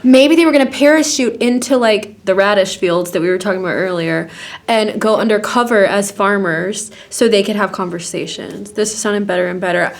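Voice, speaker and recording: A woman's voice: medium pitch, a little fast, creaky. Dry, sarcastic woman podcast co-host. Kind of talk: casual chat.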